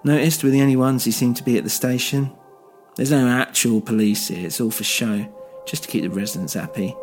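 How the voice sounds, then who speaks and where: A man's voice: mid-range voice, fairly even intonation, darkish tone, faint music behind, natural voice. A man voicing a bitter, weary male police officer who rambles and swears in a single-voice audio drama. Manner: rambling, halting, crude.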